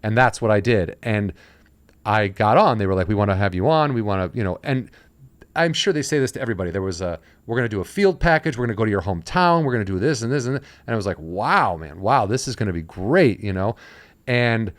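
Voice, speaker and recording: A man's voice: fairly low pitch, animated, quick pace, no echo. A man hosting a casual podcast chat, telling stories and acting out the people he quotes. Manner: storytelling, acting out quoted voices. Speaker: podcast host.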